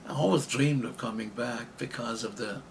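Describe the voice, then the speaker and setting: An older man from Ireland with an Irish accent, an interviewed writer and actor, reflecting slowly and hesitantly, often restarting his phrases. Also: mid-range voice, gravelly, a little hiss or hum.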